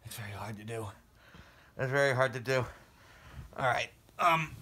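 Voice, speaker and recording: A man's voice: medium pitch, brisk, pushed and bright. A man vlogging at home in casual family banter, cracking crude jokes and puffing for breath between lines. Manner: crude joking, breathless from exercise.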